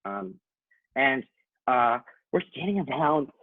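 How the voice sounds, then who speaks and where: A man in casual chat, telling an anecdote in an animated way, swearing and acting out quotes. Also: medium pitch, slow pace, dry recording, phone-quality sound.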